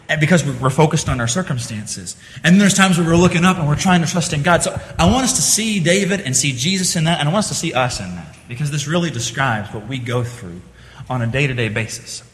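A man's voice: fairly high pitch, fairly bright tone, long reverb tail. A man preaching a sermon, earnest in tone, rising to impassioned cries when he voices the psalmist's pleas. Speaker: pastor.

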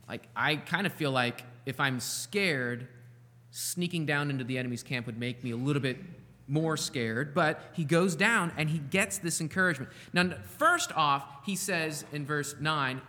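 Male pastor, bright tone, higher-pitched voice, easygoing preaching style, long hall reverb. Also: normal speed. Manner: conversational, animated preaching with asides. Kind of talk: sermon.

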